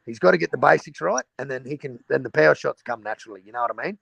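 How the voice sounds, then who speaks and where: A man's voice: mid-range voice, expressive, racing, creaky, fairly bright tone, breathy edge, no echo, dull audio. A man with an Australian accent hosting a stream, chatting about boxing bluntly and swearing freely. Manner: blunt, sweary, mate-heavy banter. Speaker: stream host. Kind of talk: casual boxing chat.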